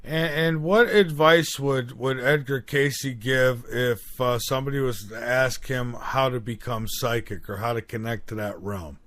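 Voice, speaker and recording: A man hosting an interview, asking measured questions. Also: medium pitch, fairly bright tone, no room sound. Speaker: interview host.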